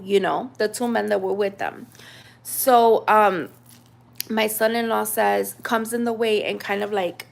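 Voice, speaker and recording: Chatty woman with a gravelly voice. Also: mid-range voice. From United States. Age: 30s. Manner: chatty, animated retelling with many fillers. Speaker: storyteller. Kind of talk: casual storytime vlog.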